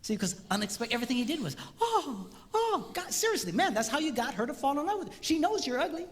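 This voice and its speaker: Animated man joking on stage. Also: extremely high pitch, rapid-fire, noisy background. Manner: animated, acts out voices, jokes with crowd. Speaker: speaker on marriage. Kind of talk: comedic stage talk to a live audience. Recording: hall reverb with faint ambience.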